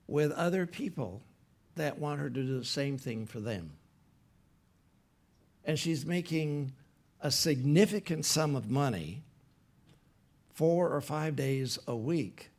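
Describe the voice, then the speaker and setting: A man, a pastor, telling a story during a sermon in a conversational way. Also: a little high. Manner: conversational, retells a story with quoted dialogue. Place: church platform.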